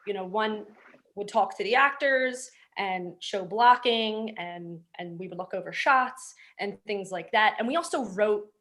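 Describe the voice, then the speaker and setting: A woman director speaks in a brisk, matter-of-fact way. Her voice sits at a mid pitch. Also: fairly bright tone. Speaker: film director. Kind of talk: casual interview storytelling.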